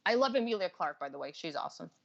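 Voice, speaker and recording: Low-voiced woman on dull, lo-fi audio. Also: expressive, rapid-fire, creaky. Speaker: guest on live stream. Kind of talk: casual live chat.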